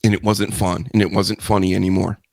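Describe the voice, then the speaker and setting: A man's voice: sits low, flat delivery, brisk, vocal fry, darkish tone, dry recording. A man hosting a live wrestling news show, talking in a rambling, joking way with self-mocking asides. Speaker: host.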